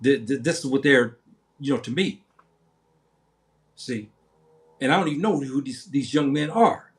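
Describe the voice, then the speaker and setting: A man's voice: mid-range voice, moderate pace. Man, 70s, livestream host; impassioned rambling monologue, repetitive, many restarts.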